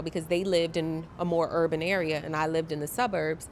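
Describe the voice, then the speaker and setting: A woman's voice: low voice, steady tone, a little fast, a little hiss or hum. A woman speaking openly and reflectively in an interview. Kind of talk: casual interview talk.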